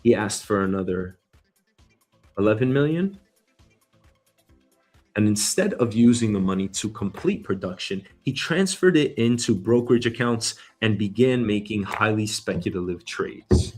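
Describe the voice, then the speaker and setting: A man's voice: on the low side, lively intonation, moderate pace, a little mellow, soft background music. A man hosting his own casual news commentary show, rambling and swearing with a swaggering, loose manner. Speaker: host.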